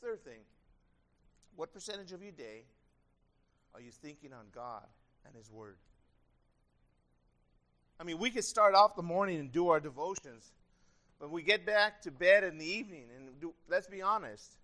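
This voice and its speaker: A man's voice: high-pitched, expressive, moderate pace, long pauses, pushed and bright. A man preaching a sermon as pastor, earnest and conversational, with a slightly strained throat.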